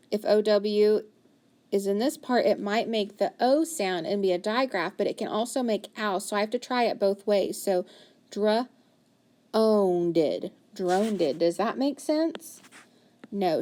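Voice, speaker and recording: A woman teacher leading a phonics lesson, sounding out words slowly and carefully. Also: medium pitch, darkish tone.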